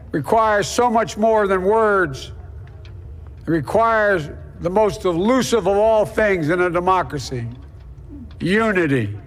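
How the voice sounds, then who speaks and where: A man impersonates an aging president giving a slow, solemn address. The voice is fairly high, and a long reverb rings after each phrase. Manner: slow, halting oratory. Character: impression of an older male president giving a speech. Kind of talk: solemn political speech parody.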